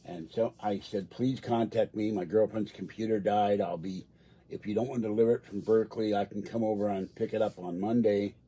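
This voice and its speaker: Casual livestream host, male, husky voice, meandering storyteller. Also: on the low side, steady tone, fairly quick, dark tone. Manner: chatty, meandering storyteller who laughs often. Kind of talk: rambling casual livestream chat. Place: indoors at home.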